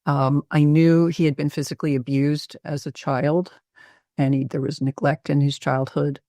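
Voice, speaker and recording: A woman physician presenting a patient case in a webinar interview, speaking hesitantly with many pauses and fillers. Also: deep voice, level tone, dark tone, dry recording, clean studio sound.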